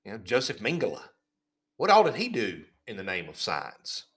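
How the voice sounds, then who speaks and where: A man's voice: fairly low pitch, huge pitch swings, normal speed, fairly bright tone, slightly rough. A man hosting a podcast, ranting in an indignant, sarcastic tone and often repeating words as he goes. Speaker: podcast host. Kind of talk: casual ranting commentary.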